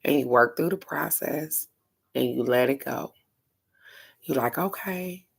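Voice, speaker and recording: A woman's voice: rumbling low, fairly even intonation, measured pace, vocal fry, breathy edge. A middle-aged woman doing a casual card-of-the-day reading, talking in a frank, earnest way with the odd swear. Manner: frank, earnest, occasionally profane. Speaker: oracle card reader.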